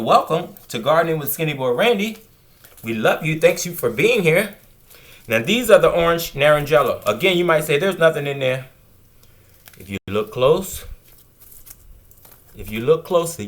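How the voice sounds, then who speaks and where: A man hosting a casual gardening vlog indoors at a table of seedlings, talking to viewers in an enthusiastic, chatty way. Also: medium pitch. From Virginia, USA. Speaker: gardening channel host. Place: indoors at a table of seedlings under grow lights.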